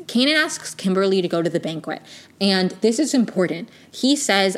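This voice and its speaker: A young woman chatting casually as she reviews a TV season, rambling with lots of "like" fillers and restarts, gushing and clearly invested. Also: mid-range voice, very animated, normal speed. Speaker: TV review vlogger.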